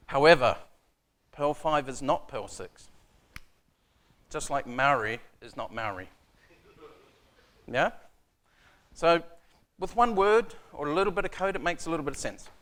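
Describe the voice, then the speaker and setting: A man's voice: fairly high pitch, a bit bright. New man giving a casual tech talk. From New Zealand. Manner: casual, self-deprecating, many ums and uhs. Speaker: conference speaker. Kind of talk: technical conference talk. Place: conference room.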